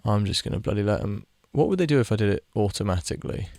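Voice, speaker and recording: A man's voice: on the low side, expressive, fast talker, creaky, a little mellow, no room sound, studio quality. A young man giving rambling, casual commentary while playing a game, swearing freely and chatting to the players on screen. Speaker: gaming video creator.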